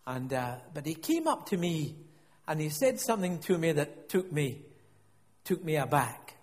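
A man's voice: on the high side, very animated, moderate pace, big-room sound. A middle-aged man preaching a sermon, telling a personal story in a reflective way and often repeating and restarting his words.

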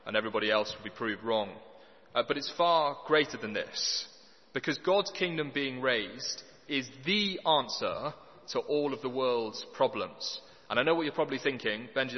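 A man preaching a sermon, earnest and conversational with dry humour. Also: medium pitch. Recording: dull lo-fi sound with long hall reverb.

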